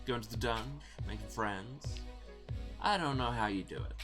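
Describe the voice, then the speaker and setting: A game streamer voicing a tired, centuries-old vampire in a low, subdued way. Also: normal speed, over music, close to an everyday voice. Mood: weary.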